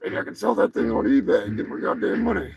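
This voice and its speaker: A foul-mouthed turkey puppet grumbles and boasts in a high, gravelly, bouncy voice, as a man puts him on. He sounds bright and cranky, with crude swagger in every line. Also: sing-song, quick pace, heavily acted. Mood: grumbling.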